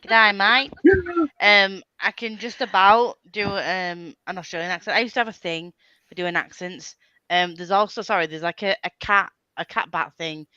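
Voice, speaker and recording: A woman's voice: lowish voice, moderate pace, bright, forceful tone, clean tone, no echo, muffled recording. A woman chatting casually on a livestream, rambling with lots of fillers and laughing often. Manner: giggly, rambling, many fillers. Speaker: livestream co-host. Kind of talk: casual group chat on a livestream. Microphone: webcam headset or desk mic.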